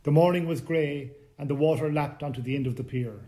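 Man reading a story calmly. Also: a little high, fairly quick. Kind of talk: scripted narration.

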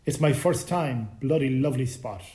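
A man's voice: mid-range voice, moderate pace, mellow, natural voice. A man voicing a hardy English woman of about seventy who forms every word precisely. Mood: brisk. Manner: precise, each word cleanly formed. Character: hardy older English woman swimmer, crisp and brisk.

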